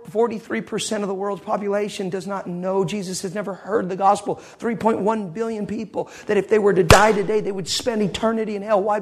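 A man's voice: high voice, slightly rough. A man preaching a sermon, telling a story with great passion. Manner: impassioned storytelling.

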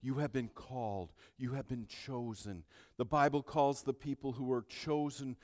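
A man preaching a sermon as pastor, swinging from quiet storytelling to shouted, rising climaxes. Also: medium pitch, fairly even intonation, normal speed, long reverb tail.

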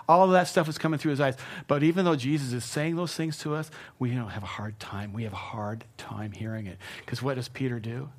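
Man preaching a conversational sermon. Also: mid-range voice. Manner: conversational preaching, acts out quotes, drops to a hush for emphasis. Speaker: pastor.

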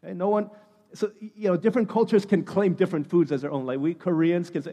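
A man with a high voice preaches a sermon. He talks to the congregation in a conversational, emphatic way, pressing on key words and then dropping to a hushed low. His voice rings with the long reverb of a church hall. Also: fast talker. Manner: conversational, emphatic preaching that swings between loud stress and hushed lows. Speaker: pastor.

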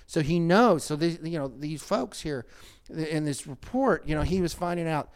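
A man who works as a counselor, hosting a talk show discussion in an animated way, laughing often and repeating words as he starts his sentences. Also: on the high side, normal speed, clear, resonant tone. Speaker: counselor and host.

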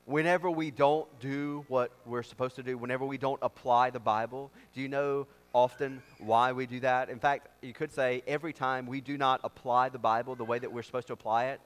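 A man's voice: mid-range voice, steady tone, fairly quick, hardly any pauses. A man preaching a sermon as pastor, with an emphatic, repetitive cadence. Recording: long reverb of a large hall.

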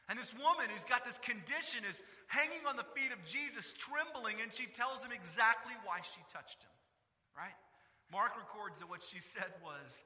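Male pastor, high and very bright tone, animated sermon delivery, recorded with long hall reverb. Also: normal speed. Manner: animated storytelling, acting out quotes.

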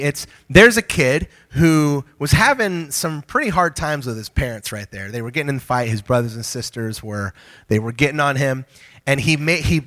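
A man with a fairly high voice delivers a sermon to a congregation in a church hall. He talks in a lively, conversational way and jokes with the listeners between his points. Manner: joking with the congregation, energetic and conversational. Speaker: pastor.

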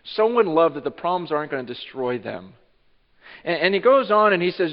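Male pastor, fairly high voice, animated sermon delivery, dull lo-fi sound, long church reverb. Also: quick pace, vocal fry. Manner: animated, acts out imagined speech of listeners. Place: church sanctuary.

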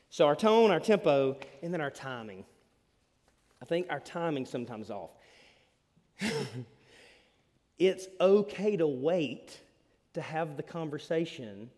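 A preacher with a high, lively voice that leaps up and down as he tells his stories. He booms one moment and drops near a whisper the next. The sound carries a long reverb from a church hall. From Alabama. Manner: animated storyteller, swings from loud to hushed. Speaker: pastor. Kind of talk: sermon.

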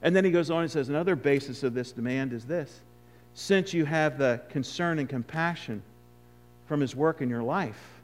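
A male preacher giving an expository sermon, emphatic, with loud stresses and hushed asides. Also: on the high side, normal speed, soft background music.

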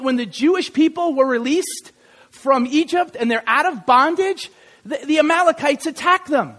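A man with a strikingly high voice delivers a Sunday sermon in a church. He is lively and jokes with the congregation as he goes. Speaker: pastor. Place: church sanctuary.

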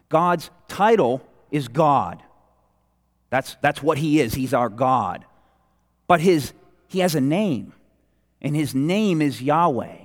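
A man preaching a sermon with earnest emphasis, slowing down whenever he quotes scripture. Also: mid-range voice, big-room sound. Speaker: pastor.

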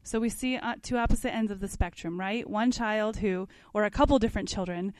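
A woman's voice: mid-range voice, a little fast, a little mellow, no room sound. A woman teaching a parenting class, reading passages aloud from a book and adding casual comments with questions to her listeners. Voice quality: conversational, asks the class questions.

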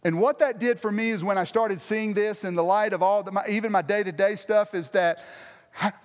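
A man's voice: high-pitched, fairly even intonation, brisk, big-room sound. A man preaching a sermon as pastor, earnest, repeating and restarting phrases for emphasis.

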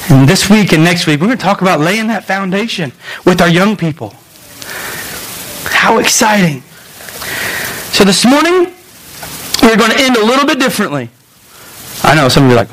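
A man, preaching a sermon in a church and speaking directly to his congregation in an animated storytelling manner. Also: high-pitched, normal speed, long pauses, a little hiss or hum, rough recording. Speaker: pastor. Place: church sanctuary.

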